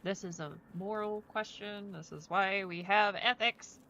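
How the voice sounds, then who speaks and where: A woman's voice: mid-range voice, steady tone, measured pace, sharp tone, highs cut off, slight background noise. Chatty, rambling woman streamer. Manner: rambling, chatty, with many fillers. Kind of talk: casual chat while playing a game.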